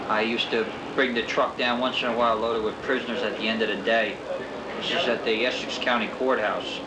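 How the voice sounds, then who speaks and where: A man's voice: mid-range voice, flat delivery, fairly quick. New man, middle-aged retired cop, plain-spoken documentary narrator, noisy recording. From New Jersey. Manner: plain-spoken storytelling that acts out quoted dialogue. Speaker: retired police officer working undercover.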